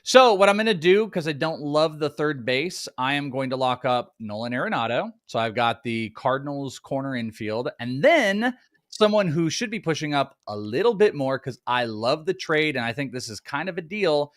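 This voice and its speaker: A man's voice: on the high side, animated, normal speed, no room sound. Man co-hosting, dry close sound. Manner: playfully impatient, joking. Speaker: fantasy baseball analyst, co-host. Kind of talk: casual live-stream draft chat.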